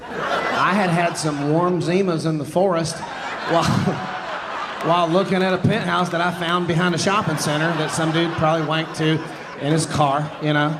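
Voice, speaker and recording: A man's voice: a little high, background noise. A man in his thirties doing stand-up, rambling and self-deprecating, often chuckling through his lines. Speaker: stand-up comedian. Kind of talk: stand-up storytelling. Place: theater stage with live audience.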